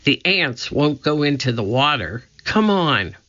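A man's voice: medium pitch, very animated, unhurried, pushed and bright. A man voicing a cautious, bookish young boy explorer who worries and cries out in alarm. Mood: worried. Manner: careful, worried, crying out in alarm. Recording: dull lo-fi recording.

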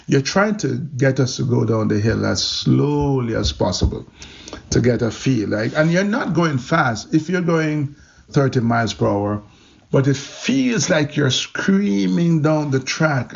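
A man recounts his story with animated energy and a gravelly edge to his voice, and it comes through a little dull and muffled. His pitch sits in an ordinary middle range. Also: slow. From Jamaica. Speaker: interview guest. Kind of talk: storytelling interview.

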